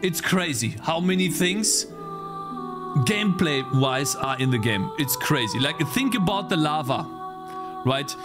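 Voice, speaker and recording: A man streaming live gameplay, chatting to viewers and reacting excitably. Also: a little high, a little slow. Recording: game music underneath.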